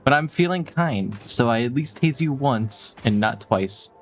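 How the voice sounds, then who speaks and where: A man's voice: medium pitch, expressive, unhurried, soft background music. Playful male gaming streamer, laughs often. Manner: playful, laughs often, jokey and self-deprecating. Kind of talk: casual live gaming stream chat.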